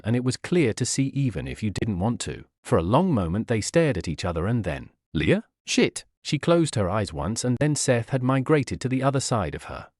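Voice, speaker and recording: A man's voice: medium pitch, darkish tone, no echo. Male audiobook narrator, dry sound. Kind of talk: audiobook narration of fan fiction.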